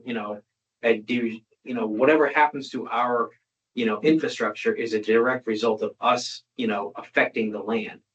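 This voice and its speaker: A man at a public meeting giving a skeptical view, halting, restarting often and filling gaps with "you know". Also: mid-range voice. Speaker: commissioner. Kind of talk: meeting discussion. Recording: muffled meeting-room recording.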